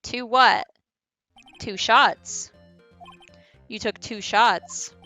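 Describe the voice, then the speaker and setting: A woman's voice: a little high, extremely slow, sharp tone, soft background music, heavily acted. A woman voicing an earnest young male defense attorney, speaking eagerly and insistently. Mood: pressing.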